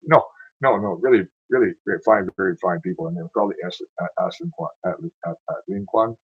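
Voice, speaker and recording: A man's voice: lowish voice, very animated, fairly quick, husky, dry recording. A tired man who reads poems aloud, then rambles and corrects himself as he stumbles over words. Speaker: poetry reader. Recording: dull lo-fi sound, dry.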